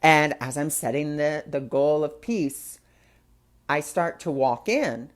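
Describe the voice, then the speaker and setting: Woman spiritual host with a low voice, casual chatty storyteller. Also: slow pace. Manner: chatty, many fillers, acts out quotes. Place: live online broadcast.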